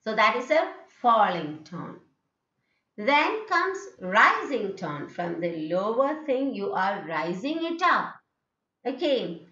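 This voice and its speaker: A woman's voice: fairly high pitch, sing-song, takes it slowly, pushed and bright. A woman with an Indian English accent giving a phonetics lecture, often checking with "okay" and "isn't it", and acting out rising and falling tones. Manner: repeats "okay" and "isn't it", demonstrates intonation. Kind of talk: recorded distance-learning lecture. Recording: dull, roomy classroom recording.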